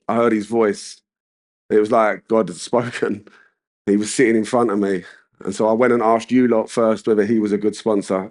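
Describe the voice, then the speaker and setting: A man with a British accent giving a personal recovery share as main speaker, chatting in casual slang with many asides. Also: on the low side. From United Kingdom.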